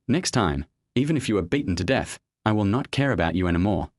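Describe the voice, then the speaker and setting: A man's voice: on the low side, expressive, quick pace, dry recording. A man voicing a cold, fierce woman boss. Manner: cold, threatening delivery. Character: fierce young woman CEO, cold and sharp-tongued.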